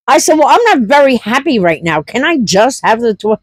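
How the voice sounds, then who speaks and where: A woman's voice: on the high side, expressive, a little fast, hardly any pauses, dry recording. A middle-aged woman telling a funny story in a casual vlog, laughing through it and repeating herself. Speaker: homestead vlogger.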